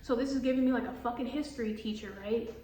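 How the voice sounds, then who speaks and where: A woman's voice: a little high, steady tone, fast talker, warm tone, recorded from a distance. A woman giving a casual tarot reading in a blunt, profane, exasperated way, laughing often. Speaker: tarot reader. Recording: echoey room with faint hiss.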